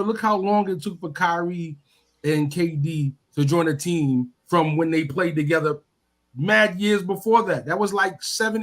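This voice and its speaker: Animated man in a casual sports chat. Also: fairly high pitch. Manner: animated, repeats words when pushing a point. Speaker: podcast co-host.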